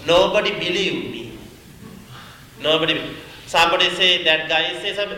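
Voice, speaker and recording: A man's voice: high-pitched, moderate pace, pauses often, pushed and bright, slight background noise. A middle-aged man telling a personal story in simple, non-native English. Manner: non-native English, simple broken grammar, chuckles often. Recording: roomy hall echo with long reverb.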